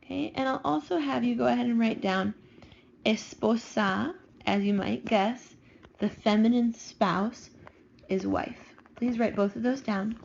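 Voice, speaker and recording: A woman teacher calmly talking students through vocabulary slides, slowing down on new words. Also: fairly high pitch, gravelly, highs cut off, a little hiss or hum. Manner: patient, slows down for vocabulary. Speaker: Spanish teacher. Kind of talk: recorded classroom lesson over slides.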